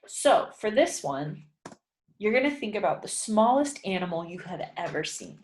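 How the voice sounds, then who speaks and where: A woman teaching an English writing lesson, thinking aloud with many fillers and repeating example sentences slowly for learners. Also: medium pitch, expressive, reverberant. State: yawning, sleepy. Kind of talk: casual spoken lesson, writing practice.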